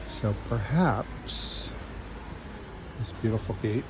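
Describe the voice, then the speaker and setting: A man's voice: lowish voice, slow. A man vlogging casually while walking outdoors along a city promenade, thinking aloud as he goes. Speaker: travel vlogger. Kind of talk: casual walking travel vlog. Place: outdoors on a city seaside street. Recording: outdoor street noise and traffic.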